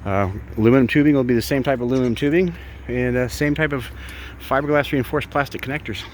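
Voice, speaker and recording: A man's voice: fast talker, slight background noise. A man who keeps birds, chatting casually on a vlog as he walks by an outdoor aviary. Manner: chatty, baby-talks to birds in a high voice. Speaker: bird sanctuary keeper.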